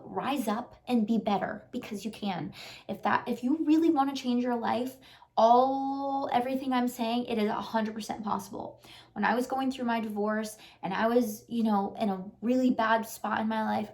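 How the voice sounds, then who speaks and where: Earnest woman with a gravelly edge. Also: on the high side, steady tone, normal speed, darkish tone. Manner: earnest, repetitive encouragement; casual, with frequent "like" fillers. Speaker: lifestyle vlogger and life coach. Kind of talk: motivational talk to camera.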